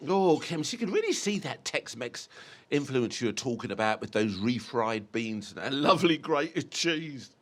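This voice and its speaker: A man's voice: medium pitch, sing-song, moderate pace. A man in his sixties, hosting a TV cooking show with exuberant, laughing, sing-song chat. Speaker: TV cookery host.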